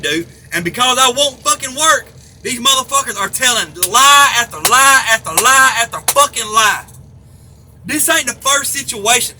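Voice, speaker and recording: Faint noise sits behind this middle-aged man's angry, profane rant to the camera. The vlogger's voice is very high-pitched, pushed and bright, and he keeps repeating himself in his heated tirade.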